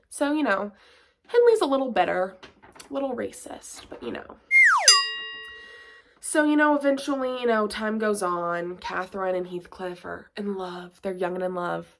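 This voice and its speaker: A woman's voice: medium pitch, lively intonation, normal speed, vocal fry. A woman giving a casual vlog book review, chatty and full of "like" and playful sarcastic asides.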